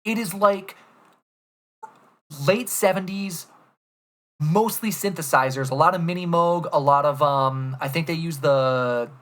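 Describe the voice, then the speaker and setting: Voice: mid-range voice, a little slow, long pauses, fairly bright tone. A young streamer ranting casually to chat about albums, enthusiastic and rambling, swearing often.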